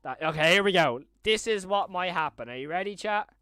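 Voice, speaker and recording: Excitable young man streaming live. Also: sits high, fairly quick, background noise. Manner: chatty, rambling, easily excited.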